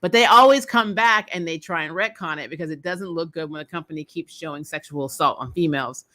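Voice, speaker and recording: A woman with a bright, sharp-edged voice hosts a relaxed online chat. She talks in a chatty, expressive way, moving quickly from one thought to the next. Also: deep voice. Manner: chatty, expressive, laughs often. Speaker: podcast host. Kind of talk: casual live-stream chat.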